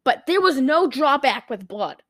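A woman's voice: high-pitched, measured pace, dry recording, clean studio sound. Chatty woman recapping a horror movie. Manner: animated storytelling, lots of fillers. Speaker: podcast co-host. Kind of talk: casual movie recap chat.

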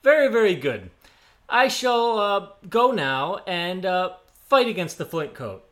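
A boastful, cowardly trickster from a storybook tale, voiced by a man. His voice sits high and bright, leaping about in pitch as he brags. He keeps stalling with filler sounds while he talks himself up. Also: big pitch swings, unhurried, exaggerated voice. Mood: boastful bluster. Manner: bragging, hesitant with filler sounds. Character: boastful male trickster, cowardly but cunning.

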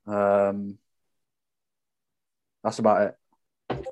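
Easygoing young co-host, lowish voice. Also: male voice, completely flat delivery, extremely slow, darkish tone, smooth. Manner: easygoing, chatty banter. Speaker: podcast co-host. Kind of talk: casual chat.

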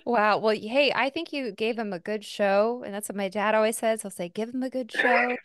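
A woman hosting a casual podcast interview, chatty and quick to laugh. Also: a little high, a bit bright, clean tone, no echo. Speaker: podcast host.

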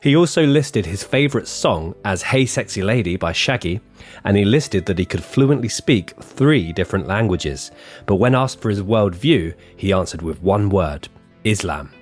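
A man's voice: lowish voice, animated, moderate pace, soft background music. A man co-hosting a true-crime podcast, reading his script with offhand asides and banter. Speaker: podcast co-host.

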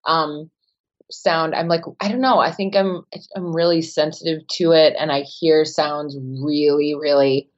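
A young woman from Wisconsin with a softened Midwestern American accent, chatting casually with many fillers and laughs. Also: steady tone, measured pace. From Wisconsin, United States. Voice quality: low-pitched voice. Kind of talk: casual chat. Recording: dull, muffled sound.

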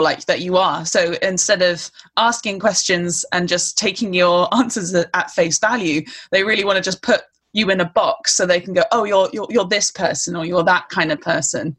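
A woman's voice: on the low side, a bit bright. A woman interviewing a guest, musing aloud in a tentative, casual way.

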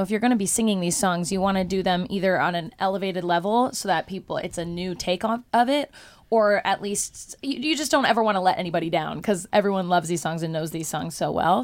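A female musical theatre singer speaking earnestly and enthusiastically in an interview. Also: lowish voice. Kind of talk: casual interview chat.

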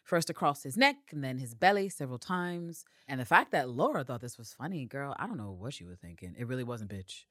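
A woman with a low voice that swings widely in pitch, recapping a show in casual chat. She is expressive and profane, building into mock-exasperated rants. The sound is dry and close. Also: fairly quick, few pauses, dry recording. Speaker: podcast co-host.

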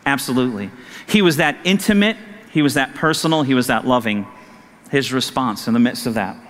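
A man preaching a sermon as pastor, animated and acting out conversations with his wife. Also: medium pitch, a little fast, big-room sound.

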